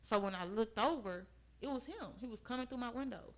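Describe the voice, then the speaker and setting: A woman's voice: fairly high pitch, brisk. A young woman, a podcast guest, earnestly recounting a personal story in conversation and often checking in with her listeners.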